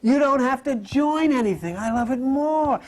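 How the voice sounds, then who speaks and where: A man's voice: very high-pitched, expressive, normal speed. A man giving a live spiritual lecture to an audience, rambling and conversational, with jokes and rhetorical questions.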